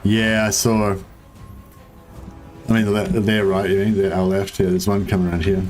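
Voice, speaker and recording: A man with a fairly low voice talks casually over his strategy game stream. He swears freely, hedges and trails off as he thinks aloud. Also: little pitch movement, normal speed, darkish tone, faint music behind. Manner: profane, hesitant muttering to himself.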